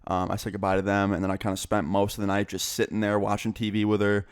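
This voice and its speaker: A man's voice: fairly low pitch, completely flat delivery, quick pace, clear, resonant tone, no room sound, studio quality. A young man telling a storytime vlog in a casual, chatty way, with lots of filler words. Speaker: vlogger.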